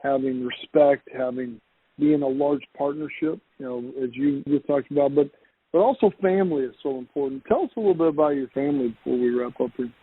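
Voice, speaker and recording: A man's voice: on the high side, big pitch swings, brisk, gravelly, slightly rough, no echo. Enthusiastic guy hosting, dry tinny phone sound. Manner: enthusiastic, welcoming. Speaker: podcast host. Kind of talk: upbeat interview hosting.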